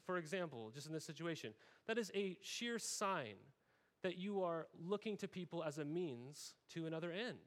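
A man in his thirties with a voice pitched above the usual delivers a casual, talky sermon. He keeps checking in with the congregation through "right?" and slips into little voices for the people he quotes. He is from Oregon and preaches as a pastor. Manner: conversational, frequent "right?" tags, acts out quoted voices.

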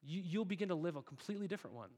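A man's voice: sits high, expressive, racing, darkish tone. A male pastor preaching a sermon, telling a story in an earnest, conversational way and calling the congregation "guys".

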